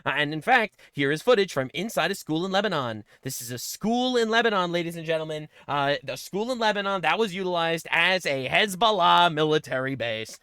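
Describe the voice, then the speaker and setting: A man's voice: fairly high pitch, animated, a little fast, hardly any pauses, clean tone, dry recording. Mocking, foul-mouthed male commentator, dry close mic. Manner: mocking, profane, swings into loud sarcastic outbursts. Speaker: political commentary streamer. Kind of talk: reacting to clips on a stream.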